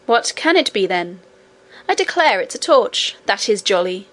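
A woman voicing a brave, practical young miner boy in a storybook reading, with brisk, matter-of-fact speech. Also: medium pitch, big pitch swings, fairly bright tone. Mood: plucky.

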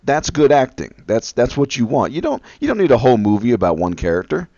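A man chatting casually with dry humor and a lively, varied pitch. The recording is dull and lo-fi, and it is close and dry with no room sound. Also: fast, dry recording. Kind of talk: casual chat.

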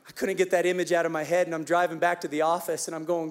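A man preaching a Christmas sermon as pastor, telling a story with lively, animated delivery that drops to hushed tenderness. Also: a little high, very fast, few pauses, clear, resonant tone.

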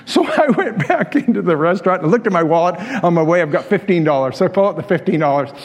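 A man's voice: sits high, expressive, fast. A man, preaching a sermon in a folksy, self-deprecating storytelling way, chuckling at his own stories. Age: 60s. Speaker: pastor. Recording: long reverb of a large church hall.

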